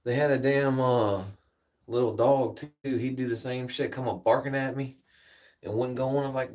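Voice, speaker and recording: A man's voice: mid-range voice, steady tone, moderate pace, darkish tone, recorded from a distance. A man chatting casually to viewers on a livestream, rambling and swearing freely as he tells stories. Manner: laid-back rambling storyteller, swears freely. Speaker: livestream host.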